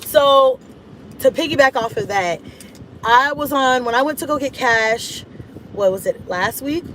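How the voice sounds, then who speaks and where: Brief: woman vlogger, high voice, animated storyteller, faint traffic behind. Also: unhurried, low-quality recording. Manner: animated, dramatic retelling with laughs and voiced-out inner thoughts. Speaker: mom vlogger. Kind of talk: casual storytime chat.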